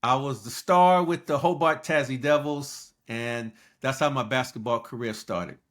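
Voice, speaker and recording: A man's voice: medium pitch, a little slow, fairly bright tone. A man in his sixties from Los Angeles, a guest telling his story in an interview and acting out quoted lines. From Los Angeles, United States. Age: 60s.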